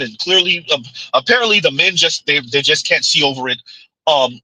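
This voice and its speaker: A man's voice: a little high, lively intonation, moderate pace, sharp tone, poor audio. A man giving a ranting commentary vlog, blunt and preachy, with sarcastic laughs and rhetorical asides. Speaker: commentary vlogger.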